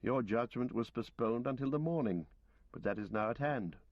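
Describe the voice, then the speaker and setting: A man's voice: mid-range voice, normal speed, dry recording, lightly acted. A man reading aloud and voicing an earnest, loyal young male hobbit who speaks courteously but firmly. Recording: dull lo-fi recording.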